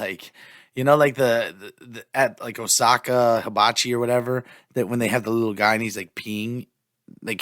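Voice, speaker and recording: A man hosting a solo podcast and talking about his life in an animated, profane, rambling way, often restarting his sentences. He is a stand-up comic. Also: on the low side, dry recording, studio quality. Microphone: podcast mic.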